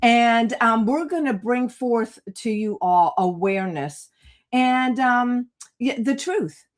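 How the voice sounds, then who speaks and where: A woman's voice: fairly high pitch, animated, slow. A woman hosting an interview in a chatty, upbeat way, with lots of "um" fillers. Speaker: host. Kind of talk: casual interview chat.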